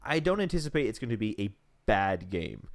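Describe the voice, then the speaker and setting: A man's voice: lowish voice, big pitch swings, a little fast. Dry-witted young man co-hosting a podcast. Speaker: podcast co-host. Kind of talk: casual chat.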